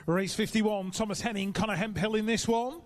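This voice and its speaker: A man's voice: high voice, fairly even intonation. A man announcing live races, reeling off rider names and adding chatty asides between calls. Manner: brisk, reels off rider names. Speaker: race announcer. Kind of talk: live sports commentary. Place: outdoor race track.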